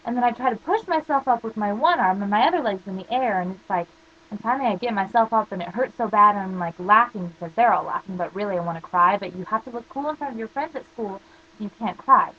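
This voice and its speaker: Rambling teenage girl, husky lo-fi voice. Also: medium pitch, animated, fast talker. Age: teens. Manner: rambling storytelling, constant "like" fillers. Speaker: vlogger. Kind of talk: casual rant to camera.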